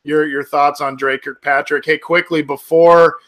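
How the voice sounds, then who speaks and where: A man's voice: on the high side, little pitch movement, normal speed, a bit bright. A man hosting a sports podcast, talking casually with many fillers and restarts. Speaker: podcast host.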